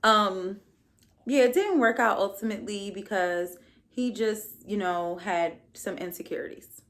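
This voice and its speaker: A young woman talks straight to her listeners in a casual solo podcast recap. She is sassy and blunt, swears freely and drops playful asides as she goes. Her pitch sits in a middle range. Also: a little slow, fairly bright tone. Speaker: podcast host.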